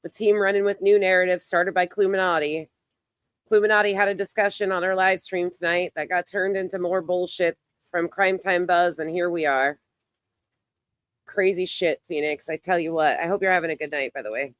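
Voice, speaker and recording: A woman's voice: fairly low pitch, fairly even intonation, moderate pace, no echo. Blunt, fraying woman livestream host. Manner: blunt, swears, greets chat by name. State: losing her voice. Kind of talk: casual livestream commentary.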